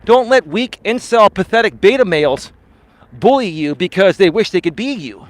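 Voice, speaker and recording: A man's voice: high voice, lively intonation, normal speed, dry recording. A male dating and life coach ranting on a live stream, confrontational and repeatedly calling his opponent bro and sir.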